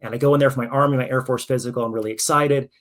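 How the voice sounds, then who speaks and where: A middle-pitched man in his forties tells stories from his past as a podcast guest. He paces them with energy, slipping into other people's voices for their lines. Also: racing. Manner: animated anecdotal storytelling, acting out quoted dialogue. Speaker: guest, author and military veteran. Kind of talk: casual storytelling interview.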